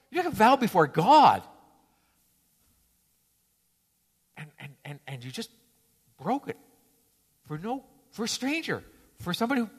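A preacher acting out an indignant, self-righteous monk who scolds his companion in an accusing, high-strung way. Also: slightly rough, exaggerated voice. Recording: reverberant hall.

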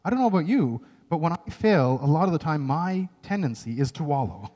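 A man's voice: a little high, very animated, brisk, warm tone. A man preaching a sermon, earnest and emphatic, often checking in with "right?". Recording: long reverb of a large hall.

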